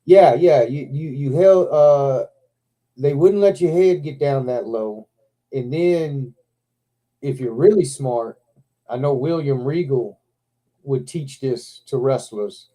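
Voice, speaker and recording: A man with a very dark, mellow voice chats casually on a live stream. He tells stories with loud excitement, swears freely and drops "man" into most lines. His speech has a laid-back, sound. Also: medium pitch, slow pace. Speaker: host of a live toy stream. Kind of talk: casual chat.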